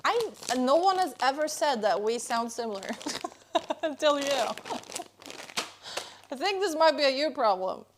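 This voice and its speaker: A woman's voice: high-pitched, big pitch swings, unhurried, long pauses, noisy background. A young woman streaming from her kitchen at home, chatting playfully and answering her chat. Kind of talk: casual live-stream chat.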